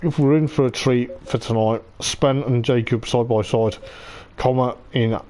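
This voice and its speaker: An excitable man commentates a sim race live into his mic, piling on hype and repeating himself. His voice is mellow and warm, growing a little hoarse as he talks. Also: mid-range voice, measured pace. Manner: excitable, repeats "I tell you what", laughs often. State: voice going hoarse.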